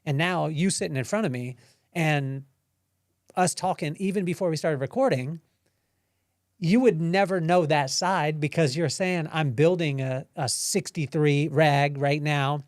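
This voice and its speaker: A male podcast host with a slightly raised pitch, building long, looping questions and circling back before landing them. The recording is close and dry. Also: measured pace, no echo. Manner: long, winding questions that restart mid-thought. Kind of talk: interview questions.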